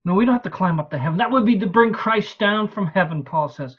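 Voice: mid-range voice, animated, fast talker, husky. A preacher giving an expository evening sermon in a conversational way, reading scripture aloud and asking the listeners rhetorical questions. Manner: reads and explains scripture aloud. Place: evening church service. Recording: slightly dull lo-fi recording.

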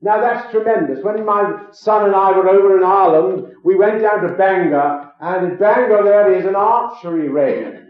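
Older male preacher in an echoey hall. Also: high voice. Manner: slow, emphatic scripture quoting in old-fashioned wording. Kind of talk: sermon. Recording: echoey hall on a tinny lo-fi recording.

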